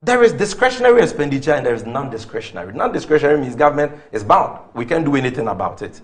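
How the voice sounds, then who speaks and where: On a talk show, a political commentator with a Ghanaian English accent argues politics, rattling off rhetorical questions and figures. His medium-pitched voice has a sing-song lilt, and he speaks in rapid-fire bursts.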